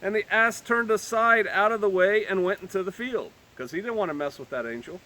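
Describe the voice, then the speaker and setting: A man's voice: sits high, fairly quick, pushed and bright. A man reading old-fashioned scripture aloud and breaking off into joking, everyday asides as a Bible teacher. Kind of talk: scripture reading with casual commentary.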